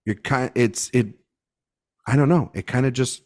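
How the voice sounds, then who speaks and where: A man co-hosting a casual film podcast, talking in an animated, halting way with frequent restarts. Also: mid-range voice. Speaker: podcast co-host.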